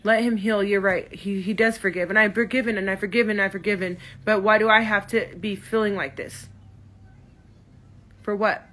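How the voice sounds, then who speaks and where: Woman in her 30s on a phone live, husky and upset, keeps restarting her sentences. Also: mid-range voice, pushed and bright. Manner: emotional, hurt and defensive, many restarts. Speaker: livestreamer. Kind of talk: upset livestream rant. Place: in her car.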